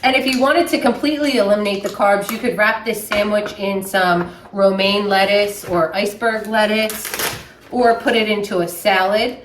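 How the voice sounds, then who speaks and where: A woman's voice: medium pitch, fairly even intonation, moderate pace, background noise. A young woman with a Southern US accent, chatting plainly while she makes a sandwich in her kitchen. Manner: chatty, plainspoken, with many fillers. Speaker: vlogger. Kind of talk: casual chat while making a sandwich. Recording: echoey room, mic at a distance.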